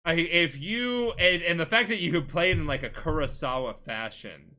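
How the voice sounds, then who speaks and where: A man's voice: a little high, normal speed, pushed and bright. A tipsy man rambling through a game plot on a casual podcast, full of filler words and restarts. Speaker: podcast co-host.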